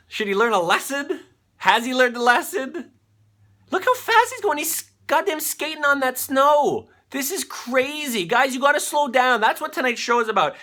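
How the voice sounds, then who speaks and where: A man hosting a live online show, reacting excitedly to viral videos with frequent fillers and swearing. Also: high voice.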